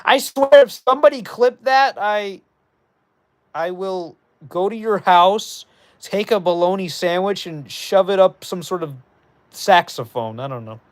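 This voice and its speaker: Brief: upbeat male streamer, slightly high voice, jumpy, reacts to chat. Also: unhurried. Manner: animated, reads chat aloud, excitable bursts. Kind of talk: casual livestream chat.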